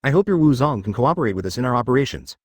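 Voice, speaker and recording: A man's voice: medium pitch, big pitch swings, very fast, husky, dry recording, clean studio sound. A man reading a scheming ninja leader.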